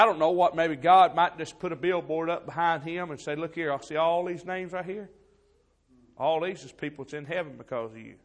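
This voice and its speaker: A man preaching an impassioned sermon, moving between loud exhortation and quiet, heavy storytelling. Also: fairly high pitch. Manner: impassioned, swings from shouting to hushed storytelling. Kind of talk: fiery revival sermon.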